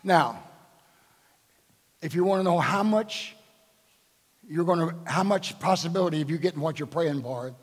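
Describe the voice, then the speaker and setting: A man's voice: a little high, husky. An older man, a bishop, preaching a sermon at a live church service and quizzing the congregation with rhetorical questions. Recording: echoing church hall.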